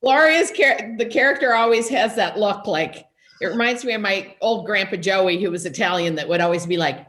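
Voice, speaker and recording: A woman's voice: medium pitch, fairly quick, fairly bright tone. A woman actress guest in a TV interview, playful and rambling. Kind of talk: interview chat.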